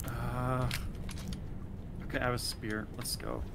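A man with a mid-pitched voice chats his way through a co-op game, laughing often and teasing himself. A clear noise floor runs under his voice throughout. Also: little pitch movement, slow pace. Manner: laughs often, self-deprecating. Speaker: stream guest player. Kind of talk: casual co-op gaming chat. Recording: noisy stream audio.

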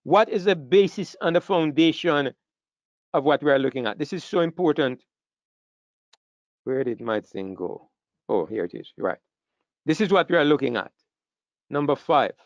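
A man's voice: fairly high pitch, animated, normal speed, pauses often, no room sound. A man preaching a sermon with an emphatic manner, asking rhetorical questions and repeating key phrases. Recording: dull dry lo-fi sound.

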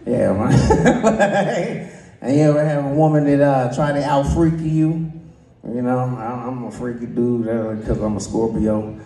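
A man doing a stand-up comedy set on a club stage, loose and joking, with a slight lisp, slipping into quick voices. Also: mid-range voice, warm tone, roomy sound, poor audio.

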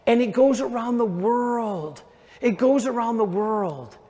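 An American Catholic man, a priest, giving a retreat talk to a congregation in lively conversational storytelling that speaks straight to the audience. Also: very high voice, unhurried. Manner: animated conversational storytelling, addresses the audience directly. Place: large church. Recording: reverberant church hall.

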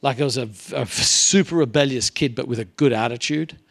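Middle-aged male guest preacher, gravelly edge, animated storyteller in a church setting. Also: medium pitch, brisk. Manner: animated storyteller, acts out quotes with rising intensity. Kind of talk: sermon storytelling. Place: church sanctuary.

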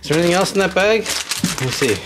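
A man's voice: sits high, expressive, fast, loud music behind the voice. A man casually unboxing toys and reading a children's storybook aloud, chatting to young viewers as he goes. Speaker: channel host.

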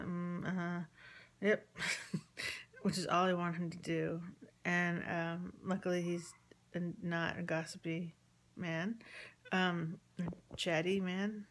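A woman with a slightly low voice recounts a personal family story in a loose, rambling way. She acts out each side of the conversations she quotes and fills her pauses with ums. At times her voice sinks to a hushed, half-whispered murmur. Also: slight background noise. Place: at home with chickens nearby.

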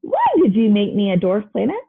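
A woman voicing a small, indignant male dwarf planet who shouts and boasts in a storybook. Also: medium pitch, huge pitch swings, fairly quick, creaky, breathy edge, narrow, tinny audio, exaggerated voice. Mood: defiant. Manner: shouting, exclaiming.

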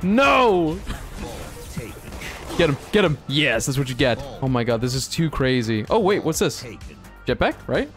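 A young man giving excitable, laugh-filled commentary while playing a shooter game. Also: mid-range voice, normal speed. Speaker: gaming YouTuber. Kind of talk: casual gameplay commentary. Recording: music heard behind. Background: game music and gunfire.

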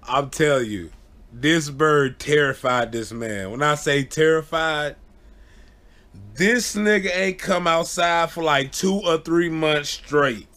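A man telling a true story to camera in a casual, animated way, often laughing and acting out the people in it. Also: fairly high pitch, slow pace. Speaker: vlogger.

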